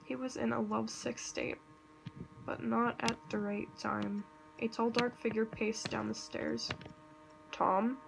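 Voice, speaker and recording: Nervous girl reading a fanfic out loud, kinda gravelly, noisy mic with clicking. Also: fairly high pitch, level tone, a little slow. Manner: nervous, self-interrupting reading with asides. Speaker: reader. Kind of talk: reading fan fiction aloud. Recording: noisy home recording with computer clicks.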